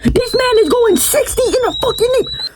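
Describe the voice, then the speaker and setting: A young adult woman telling a storytime vlog story, animated, exclaiming and swearing freely. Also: very high-pitched, brisk, crowd noise. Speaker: vlogger. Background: background music.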